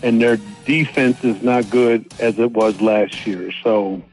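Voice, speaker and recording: A man's voice: on the low side, steady tone, takes it slowly, darkish tone, soft background music. Hesitant male sports radio panelist. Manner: hesitant, thinks aloud, repeats words. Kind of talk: casual sports picks chat.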